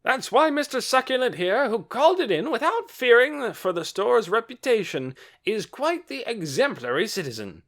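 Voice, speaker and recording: A man voicing a pushy, self-righteous male official who talks in a loud, blustering, overeager way in an audiobook. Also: on the high side, huge pitch swings, unhurried, gravelly, voice pushed up, full character voice. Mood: indignant.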